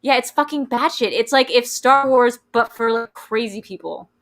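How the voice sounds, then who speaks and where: Young woman, host, casual chat, rambling, bright voice, a bit high. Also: moderate pace, low-quality recording. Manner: chatty, rambling with many fillers.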